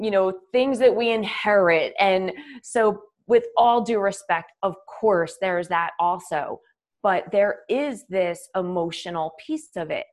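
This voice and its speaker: Chatty woman yoga teacher. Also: mid-range voice. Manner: conversational, filler-heavy, acts out dialogue. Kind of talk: casual spoken talk.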